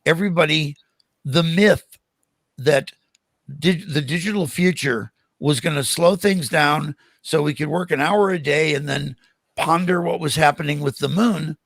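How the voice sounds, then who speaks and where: An older man, a guest on a podcast, telling animated stories in casual conversation and acting out the voices of the people in them. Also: fairly high pitch, unhurried, creaky, no room sound. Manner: animated anecdotes with acted-out quotes. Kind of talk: casual storytelling interview.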